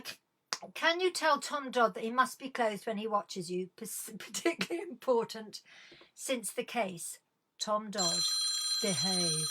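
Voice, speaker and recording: A woman's voice: mid-range voice, animated, measured pace, noisy background. A middle-aged woman hosting a live-streamed comedy chat from home, taking calls with bawdy, sardonic, swearing banter into a webcam.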